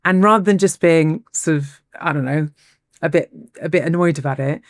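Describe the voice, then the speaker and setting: A woman with a low voice co-hosts a podcast and tells a story in a relaxed, chatty way. She is animated, laughs often and restarts her phrases. The recording is dry and close. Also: normal speed, no room sound. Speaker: podcast co-host. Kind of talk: casual storytelling chat.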